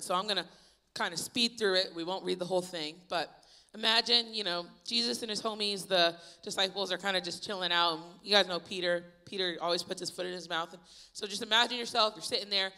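A young woman preaching a youth sermon, retelling Bible stories in a lively, casual storytelling way. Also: mid-range voice, fast. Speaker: youth pastor. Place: church youth service.

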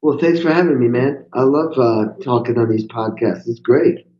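An older man, a guest on a podcast interview, telling stories in an animated, swearing way and acting out what people said. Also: mid-range voice, moderate pace, highs cut off. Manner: animated, swearing, acts out quotes. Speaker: guest drummer. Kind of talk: storytelling interview.

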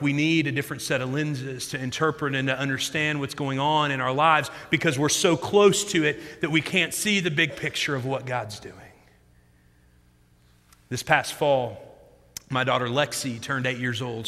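A man in his thirties preaching a sermon as a pastor, telling stories in an animated way that moves between loud emphasis and quiet reflection. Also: medium pitch, normal speed. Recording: long hall reverb.

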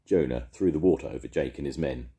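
Very deep-voiced grandad reading a story. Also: male voice, fast talker. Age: older. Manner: expressive, animated reading. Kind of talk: children's story read aloud.

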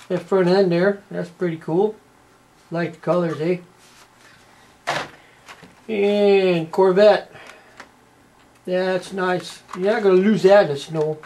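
A man's voice: high-pitched, a little mellow, a little hiss or hum. Folksy Canadian man unboxing toy cars. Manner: folksy, rambling, tags lines with "eh". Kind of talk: casual unboxing commentary.

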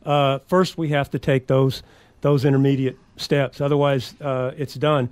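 A man's voice: medium pitch, little pitch movement, unhurried, a little mellow, clean tone, dry recording. A man talking as a sheriff candidate on a radio talk show, speaking earnestly in a campaign style with frequent restarts and fillers.

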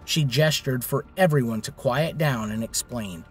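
A man narrating a story in a steady, scripted reading. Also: mid-range voice, normal speed, hardly any pauses, breathy edge, soft background music.

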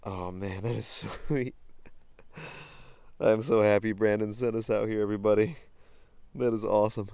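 A man's voice: on the low side, steady tone, moderate pace, creaky, pauses often, mellow, clear, resonant tone, dry recording. A man, vlogging outdoors as he wades a creek, talking casually to a handheld camera, easily delighted and laughing often. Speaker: vlogger bottle hunting in a creek.

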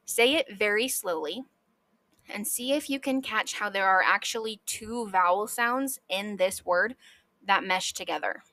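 Bright, chatty woman podcast host. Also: medium pitch, no room sound. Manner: enthusiastic, chatty, self-deprecating asides. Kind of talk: casual educational podcast.

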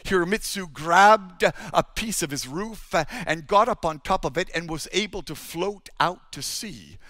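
A man pastor preaching a sermon, moving between loud proclamations and hushed, low storytelling. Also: dry recording.

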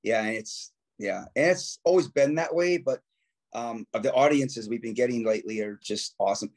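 A man's voice: medium pitch, moderate pace. A man, a guest musician, telling stories in casual talk and acting out quotes with a raised voice. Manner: animated, acts out quotes in raised voice. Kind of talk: casual storytelling.

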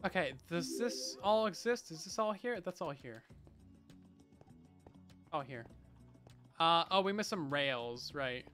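A man's voice: fairly high pitch, lively intonation, slow pace, pauses often, pushed and bright, faint music behind. A man chatting casually as a game streamer, muttering to himself, humming while he builds and thanking viewers from the chat, on a headset mic. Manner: mutters to himself, hums and reads out chat names.

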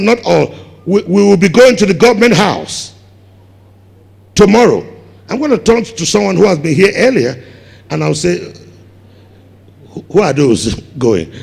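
A Ghanaian man preaching a sermon as pastor, building up to shouted emphasis on key words. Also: high-pitched, sing-song, a little slow, gravelly, pauses often, husky. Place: large church hall. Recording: long hall reverb.

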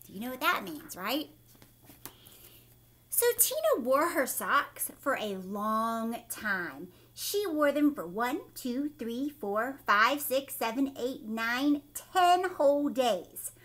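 A woman teacher reading a children's book aloud, animated and asking her young listeners questions. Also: a little high, slow pace. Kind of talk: read-aloud storytime for children.

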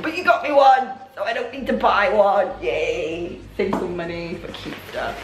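A young woman vlogger chatting excitedly while unboxing gifts, gushing often, her voice a little hoarse. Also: fairly low pitch, moderate pace, few pauses, roomy sound, background noise. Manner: excitable, gushing, many oh my gods. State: voice going hoarse. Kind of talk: casual unboxing chat.

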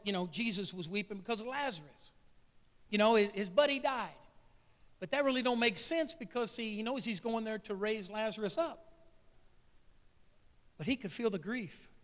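A man's voice: high-pitched, fairly bright tone. A man from the American Midwest preaching a sermon in a church, folksy and emotional, talking straight to the congregation. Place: church sanctuary. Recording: long echo of a church hall.

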